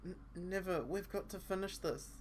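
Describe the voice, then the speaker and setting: A man voicing a shy but determined teenage schoolgirl in pain, reading a visual novel aloud with a raised, soft voice. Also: high-pitched, moderate pace, slight background noise, voice pushed up, close to an everyday voice. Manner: pained, pleading.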